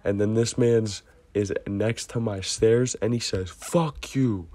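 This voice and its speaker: A young man casually telling a personal story in slangy talk, heatedly acting out the shouted lines of an argument. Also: on the low side, little pitch movement, unhurried, dry recording. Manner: slangy, heated retelling with acted-out shouted quotes.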